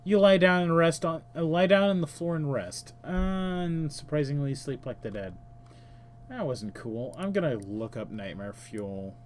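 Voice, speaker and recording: A man with a fairly high voice talks through a computer game in a relaxed, offhand way. He reads the game's text aloud and chats to himself between moves, with plenty of "uh"s and quick self-corrections. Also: a little hiss or hum. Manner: frequent filler "uh" and self-corrections. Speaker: game streamer. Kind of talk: casual let's-play commentary.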